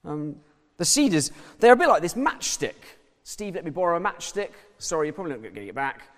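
Lively preacher man in a reverberant hall. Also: a little high, brisk. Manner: lively, conversational, uses props and slides. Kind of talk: sermon. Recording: long reverb of a church hall.

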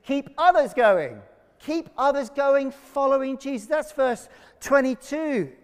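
A man preaching a sermon to his congregation, energetic and leading them in call-and-response. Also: extremely high pitch, unhurried. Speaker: pastor. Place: church. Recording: long reverb of a church hall.

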